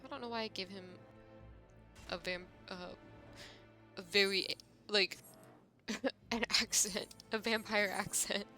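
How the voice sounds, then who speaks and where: A woman's voice: medium pitch, steady tone, slow pace, long pauses, pushed and bright, faint music behind. A young woman streaming a game, chatting casually in a rambling way full of fillers. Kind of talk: casual gameplay chat.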